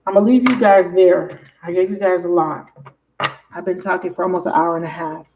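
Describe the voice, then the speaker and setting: Excitable, swearing woman tarot reader. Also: fairly low pitch, a little fast, background noise. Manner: excitable, emphatic, swears freely, addresses viewers directly. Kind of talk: casual tarot reading to camera.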